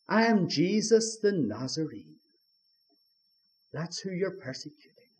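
A man's voice: high-pitched, sing-song, unhurried, pauses often, a little mellow. A man preaching a sermon in a fervent old-style manner, appealing again and again to his listeners with rhetorical questions.

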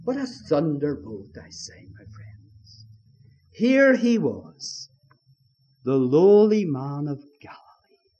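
A man's voice: fairly high pitch, very animated, slow, a little mellow, muffled recording. A man preaching a sermon in a fervent old-style manner, appealing again and again to his listeners with rhetorical questions.

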